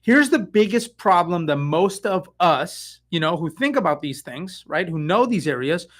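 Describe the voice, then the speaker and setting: A middle-aged Bay Area man, a real estate agent, talks at normal speed in a voice that sits high. He rambles excitedly on a casual live stream, stuffed with fillers and digressions.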